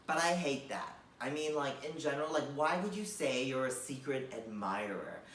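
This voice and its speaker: A man's voice: medium pitch, expressive, normal speed, a bit bright, a little hiss or hum. A young man performing a stand-up comedy set, with a rambling delivery full of fillers like "like" and "you know.". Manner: rambling, filler-heavy delivery with many likes and you knows. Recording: echoey room from far off.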